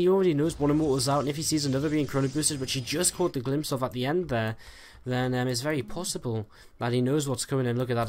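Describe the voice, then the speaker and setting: A man casting a live strategy game match, giving rapid play-by-play full of "uh" and "I mean" fillers. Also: mid-range voice, slight background noise. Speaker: esports caster.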